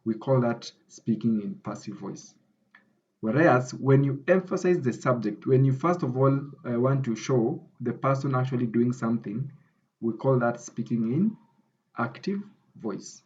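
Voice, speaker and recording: A man's voice: mid-range voice, expressive, unhurried, a little mellow, highs cut off. Man with a Kenyan accent teaching grammar. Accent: Kenyan English. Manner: explanatory, checks in with repeated "okay?". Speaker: academic writing tutor. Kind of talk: screen-recorded grammar lesson.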